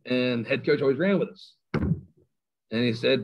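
A man's voice: mid-range voice, brisk. Middle-aged kentucky guy, coach telling old stories, laughs a lot, kinda muffled lo-fi sound. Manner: animated storyteller, self-mocking, laughs often. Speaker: high school coach and guest. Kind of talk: casual storytelling interview. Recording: slightly dull lo-fi sound.

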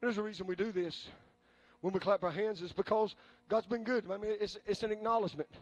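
A male preacher delivering a sermon, folksy and joking at times, building up to fervent shouting. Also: high-pitched, fairly even intonation, brisk, no echo. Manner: folksy, humorous asides.

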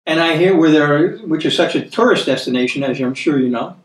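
A man with an American accent giving a conversational sermon, earnest, repeating words for emphasis and reading scripture slowly. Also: a little high. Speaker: preacher. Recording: echoey room, mic at a distance.

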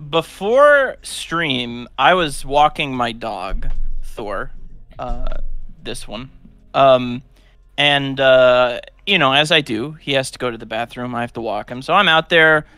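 Bright-voiced young man telling a story. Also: medium pitch, takes it slowly, dry recording, faint music behind. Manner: animated, rambling storyteller with many fillers. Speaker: streamer co-host. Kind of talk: casual storytelling on a live stream.

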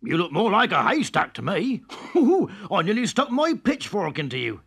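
Narrator doing a gruff, muttering farmer. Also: medium pitch, sing-song, a little fast, a bit bright, pitched above the performer's own voice, exaggerated voice. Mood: astonished. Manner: muttering, disbelieving. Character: gruff country farmer, grown man, blunt. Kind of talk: storybook character voice.

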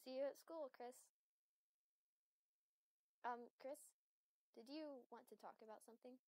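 Shy, apologetic young reindeer girl from a game , read by a woman in her own voice, hesitant, fairly high pitched, dry sound. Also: measured pace, warm tone, no room sound, rough recording. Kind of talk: reading game dialogue aloud.

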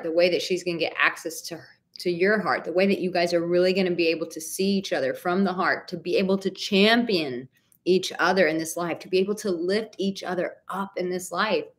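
A woman in her thirties coaching viewers through a live Q&A about relationships. Her voice sits a little low, and she speaks with blunt candor, swears casually and answers the chat warmly by name. She hits her points with emphasis. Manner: warm pet names for viewers. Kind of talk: live-stream Q&A advice.

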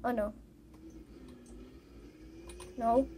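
A woman giving casual gameplay commentary while playing, halting and exasperated, with many fillers. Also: on the high side, steady tone, noisy background. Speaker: gamer recording gameplay.

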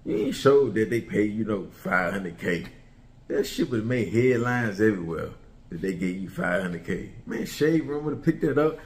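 A man's voice: on the high side, a little mellow. Man ranting heatedly in AAVE. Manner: heated, mocking, repetitive rhetorical questions. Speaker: commentary channel host. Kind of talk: profane ranting commentary.

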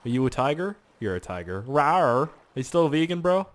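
A young man hosting a gaming channel commentates a survival game in a let's play, rambling, cracking jokes and talking to himself. His mid-range voice is very animated, and he talks quickly.

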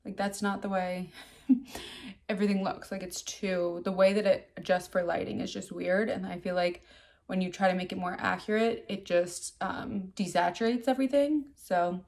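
A young woman rambles through her day for a vlog, filling every sentence with "like" and loose asides. Her voice sits at a middling pitch, and she talks straight into her phone camera, at home and later from a car. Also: moderate pace, a little mellow. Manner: chatty, rambling, lots of "like". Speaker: vlogger. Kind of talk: casual vlog chat.

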